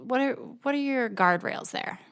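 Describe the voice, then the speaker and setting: A woman's voice: high voice, moderate pace, fairly bright tone, clean tone. Upbeat woman hosting a podcast. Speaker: podcast host. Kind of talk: conversational interview.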